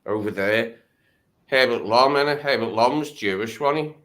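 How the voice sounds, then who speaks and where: A man's voice: mid-range voice, moderate pace, a bit bright. A man hosting a casual livestream chat, rambling and mocking, talking over a remote call. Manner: rambling, mocking impressions of others. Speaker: host.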